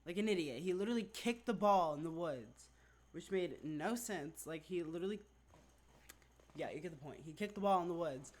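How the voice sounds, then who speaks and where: A vlogger telling a story in casual storytime-vlog chat, rambling and animated, packing in "like" constantly. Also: medium pitch, moderate pace. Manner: rambling, filler-heavy, says "like" constantly; chatty, animated retelling.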